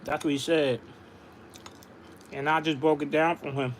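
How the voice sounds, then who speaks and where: A man's voice: fairly high pitch, fairly even intonation, unhurried, a little hiss or hum. A man insistently arguing his point in casual livestream talk, repeating himself. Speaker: livestream host.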